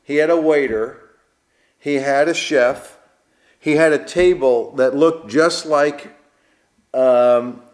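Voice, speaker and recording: New comedian spinning anecdotes. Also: male voice, mid-range voice, slow, pauses often. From Queens, New York. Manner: animated storyteller, acts out quoted voices. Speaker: stand-up comedian guest. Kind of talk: casual interview storytelling.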